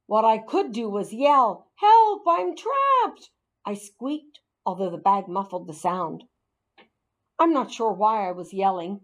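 A woman reading a children's storybook aloud in an expressive, animated way. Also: medium pitch, a little slow, muffled recording. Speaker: narrator.

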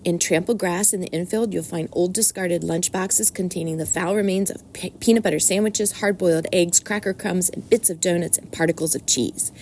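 A woman voicing a wise, persuasive old barnyard sheep in a storybook reading, slowly savoring long lists. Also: fairly low pitch, steady tone, a little mellow, a little hiss or hum, natural voice. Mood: coaxing.

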